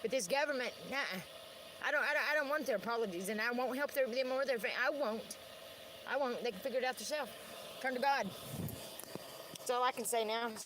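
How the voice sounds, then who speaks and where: A woman with a high, piercing voice rants on a livestream. She rambles from grievance to grievance, combative and full of swearing, and a faint hum of surroundings sits behind her. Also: brisk, long pauses. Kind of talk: ranting livestream monologue.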